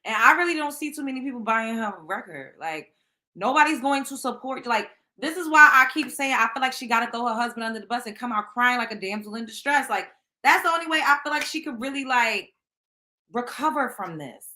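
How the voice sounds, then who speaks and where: A woman's voice: a little high, a little fast, sharp tone. A woman hosting a casual gossip show, talking bluntly and with plenty of profanity straight to her listeners. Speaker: show host.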